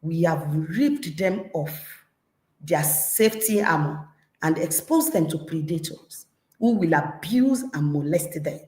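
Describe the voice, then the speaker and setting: Animated Nigerian woman coaching parents. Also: low-pitched, a little slow. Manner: animated, acts out scolding parents. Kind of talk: parenting talk. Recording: echoey room.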